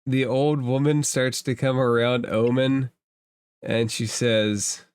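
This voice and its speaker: A man narrating a tabletop game as game master, slow and deliberate. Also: mid-range voice, little pitch movement, a little mellow, clean tone, dry recording, studio quality.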